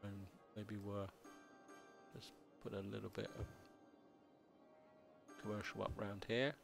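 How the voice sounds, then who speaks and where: A man hosting a city-building let's play, talking casually as he plays, with a slightly croaky voice and a halting, stammering way of speaking. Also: fairly low pitch, level tone, over music. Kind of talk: casual gameplay commentary.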